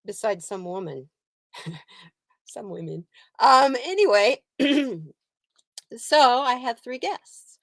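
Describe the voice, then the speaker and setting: A woman's voice: medium pitch, measured pace, no room sound. A woman in her sixties hosting a casual live stream, telling a story and breaking off to greet viewers, laughing often. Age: 60s. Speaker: livestream host and card reader.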